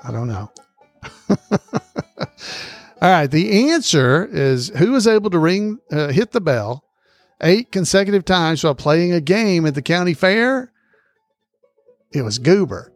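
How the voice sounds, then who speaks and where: A man hosting a casual podcast trivia quiz, reading each question slowly and repeating it, with frequent chuckles, on a close microphone. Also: a little high, big pitch swings, no room sound, soft background music.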